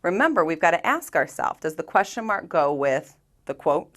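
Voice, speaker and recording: A woman's voice: fairly low pitch, expressive, brisk, fairly bright tone. A woman teaching an English grammar lesson, patiently walking through examples step by step and asking rhetorical questions.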